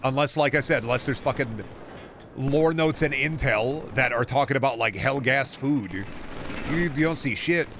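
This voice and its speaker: A man's voice: medium pitch, normal speed, noisy background. A man streaming a video game, rambling in casual, profane, jokey commentary. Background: game music and sound.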